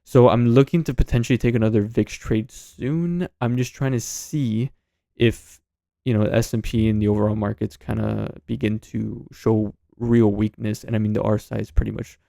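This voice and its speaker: Low gravelly man talking through charts. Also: mellow, no echo, clean studio sound. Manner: thinks aloud with many fillers and restarts. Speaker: trading channel host. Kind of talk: casual chart walkthrough.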